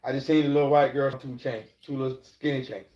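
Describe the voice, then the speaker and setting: A man's voice: medium pitch, level tone, fast talker. Profane rambling man on a livestream. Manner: loose and profane, rambling, preachy asides. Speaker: live streamer. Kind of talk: casual live-stream talk. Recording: echoey, dull lo-fi room sound.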